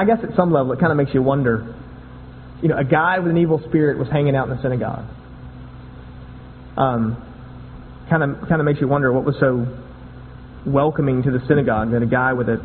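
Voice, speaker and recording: Pastor preaching over a thin tinny line. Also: male voice, medium pitch, a little fast, slight background noise. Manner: conversational preaching with repeated words and restarts. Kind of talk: sermon. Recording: tinny phone-like sound with long hall echo.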